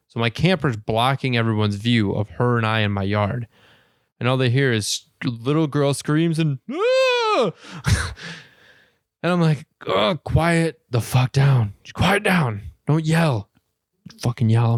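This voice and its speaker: A man's voice: medium pitch, dry recording, clean studio sound. A man co-hosting a podcast, telling a long crude story casually and laughing often. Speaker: podcast co-host.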